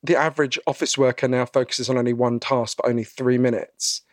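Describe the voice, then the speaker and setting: A man being interviewed about his book, telling stories in a lively conversational way and acting out the voices he quotes. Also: mid-range voice, a little fast, no room sound, studio quality. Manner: animated storyteller, acts out quoted voices, frequent "right?".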